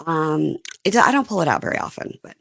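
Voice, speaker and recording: A woman in her fifties hosting a podcast, her voice hoarse and going out as she chats candidly about reality TV. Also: low-pitched, brisk. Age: 50s. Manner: chatty and candid, animated asides. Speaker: podcast host. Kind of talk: casual reality TV recap chat.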